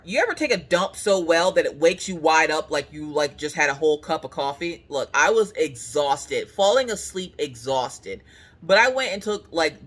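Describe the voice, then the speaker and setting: A woman chats casually to the camera. She tells stories with plenty of animation and acts out the people she quotes. Her pitch swings widely from high to low. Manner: animated storytelling with voiced quotes. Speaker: craft vlogger. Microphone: camera on the couch.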